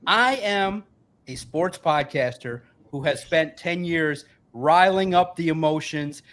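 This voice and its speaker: A man's voice: on the high side, slow, fairly bright tone. A man in his forties, a sports podcaster guesting on the show, talking emphatically and with plenty of swearing, a little tipsy from beer. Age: 40s. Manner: emphatic, profane, rambling. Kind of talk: casual podcast chat.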